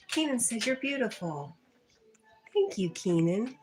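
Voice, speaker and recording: A woman with a Southern US accent hosts a relaxed livestream, reading viewer comments in a fairly low voice and chatting back to her pet between laughs. Soft music plays faintly behind her. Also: measured pace. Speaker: livestream host.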